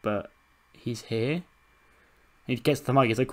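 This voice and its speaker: A man narrates a game with casual, fast storytelling. He swears freely and laughs along. His voice sits at a middling pitch. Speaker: gaming channel host. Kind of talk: casual let's-play narration.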